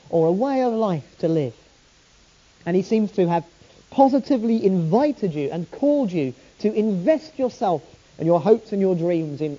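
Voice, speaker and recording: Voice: mid-range voice, dark tone. A preacher giving a sermon, telling the story with earnest rhetorical questions, on a dull lo-fi recording.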